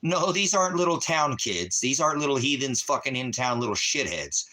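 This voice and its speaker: A man's voice: medium pitch, sing-song, a little fast, bright, forceful tone. A man hosting a casual livestream, rambling profanely and talking straight to his chat viewers. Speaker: livestream host. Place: Christmas Valley area, rural.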